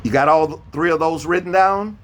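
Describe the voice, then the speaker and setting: Speaking fairly quickly in a somewhat high, slightly bright voice, a man teaches beginner Spanish over a video call. He patiently repeats his questions and spells words out letter by letter.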